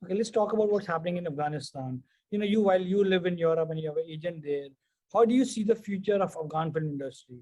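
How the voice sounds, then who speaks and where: Tv interviewer guy, fast talker, direct questions. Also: sits high, mellow. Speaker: interviewer, news channel host.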